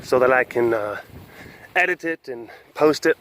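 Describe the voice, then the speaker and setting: A man's voice: medium pitch, animated, moderate pace, a bit bright, a little hiss or hum, poor audio. A man hosting a casual webcast outdoors, rambling with lots of fillers and self-mocking asides. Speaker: vlog host.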